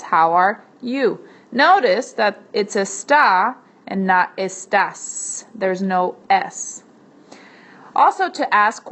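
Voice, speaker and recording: A woman teacher narrating a screencast language lesson, slowing down to pronounce each example word carefully while she writes on a tablet. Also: mid-range voice, a bit bright. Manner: slow, careful enunciation of example words. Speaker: Spanish teacher. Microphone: computer mic while drawing on a tablet.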